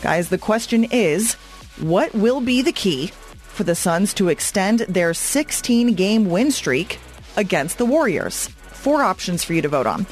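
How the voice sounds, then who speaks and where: A woman's voice: mid-range voice, very animated, a little slow, soft background music. A woman on sports radio reading a listener poll and its results in an upbeat way. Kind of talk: radio poll read, casual banter.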